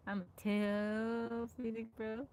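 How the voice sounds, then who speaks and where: A woman's voice: a little high, little pitch movement, takes it slowly, darkish tone, slight background noise. A woman hosting a casual livestream, reading out folksy old sayings and greeting viewers by name. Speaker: livestream host.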